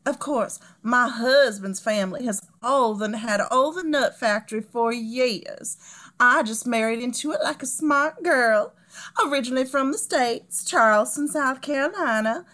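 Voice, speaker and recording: A woman playing a gossipy, snobbish Southern heiress with a thick drawl, in a comedic table read. She speaks slowly, in a slightly high voice, and savors every bit of gossip. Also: a bit bright. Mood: gossipy, gushing. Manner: chatty, affected, gossipy.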